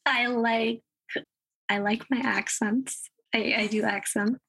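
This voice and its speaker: Upbeat woman guest on a podcast, laughs a lot, kinda higher voice with some fry. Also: a bit bright, low-quality recording. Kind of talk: casual interview chat.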